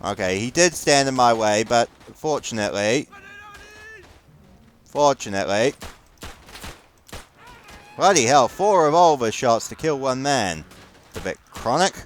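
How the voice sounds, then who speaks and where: With big pitch swings in a mid-range voice, a New Zealand-accented man talks at a moderate pace over a war game, profane and wryly grumbling at his teammates. A little hiss or hum sits in the recording. He's a gameplay commentator.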